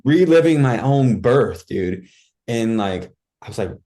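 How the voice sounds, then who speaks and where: A man's voice: medium pitch, expressive, measured pace, dark tone. A man guest on a podcast, telling a personal story in casual talk, acting out his own cries and thoughts and saying "dude" and "like" a lot.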